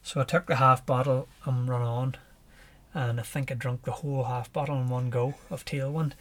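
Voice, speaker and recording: A man's voice: medium pitch, normal speed. Northern irish guy on a podcast, chatty storyteller, chuckles along as he talks. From Northern Ireland. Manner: lively storyteller, chuckles while recounting. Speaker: podcast guest, ultra runner. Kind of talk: casual storytelling.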